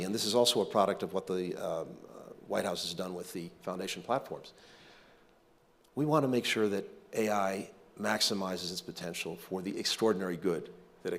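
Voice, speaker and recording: A middle-aged man, a government official, answering questions in a panel interview in a measured way with frequent fillers. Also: low-pitched.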